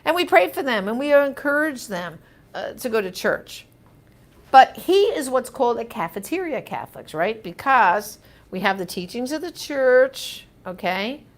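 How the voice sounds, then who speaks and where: A woman's voice: a little high, sing-song, normal speed. A woman hosting a live show, reading viewer comments and answering them in an emphatic, conversational way.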